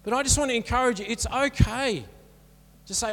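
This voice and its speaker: A man's voice: very high-pitched, a little fast, fairly bright tone. A man preaching a sermon as pastor, earnest and encouraging in a conversational way. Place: church hall. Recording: church hall reverb.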